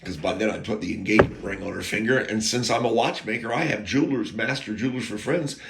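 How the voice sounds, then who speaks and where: A man's voice: lowish voice, quick pace, vocal fry, heavy background noise. A man telling a rambling personal story in a blunt, crude way, drifting into side rants.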